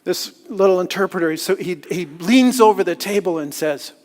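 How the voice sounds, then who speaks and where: A man's voice: sits high, moderate pace, few pauses. Man telling stories on stage. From Canada. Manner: lively, self-deprecating storyteller. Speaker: conference speaker. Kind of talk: storytelling talk. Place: lecture hall. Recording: long hall reverb.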